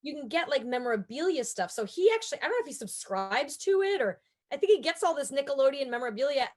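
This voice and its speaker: A woman in her forties with an American accent, a guest actor in a casual interview, chatting and telling stories with lively quoted asides. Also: fast. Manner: chatty storyteller, acts out quotes in higher voices.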